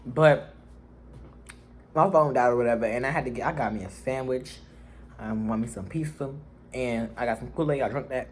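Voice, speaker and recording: A young man telling a casual storytime vlog, animated and slangy, recording on his phone. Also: mid-range voice, moderate pace, long pauses, a little hiss or hum. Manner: animated, slangy, acts out quotes. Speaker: vlogger.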